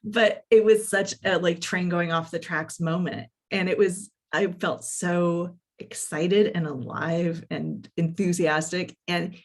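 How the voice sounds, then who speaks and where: Lively storytelling woman coach. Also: lowish voice, takes it slowly, few pauses. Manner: animated storyteller, lots of fillers and quoted dialogue. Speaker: coach and workshop facilitator. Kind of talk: storytelling in a podcast conversation.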